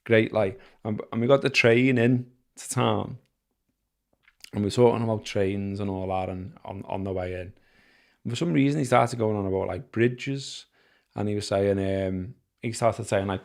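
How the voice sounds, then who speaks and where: A low, gravelly man with a Liverpool accent chats casually on a podcast. He rambles and stops often, with plenty of filler words. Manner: rambling, halting with many fillers. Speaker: podcast co-host. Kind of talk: casual chat.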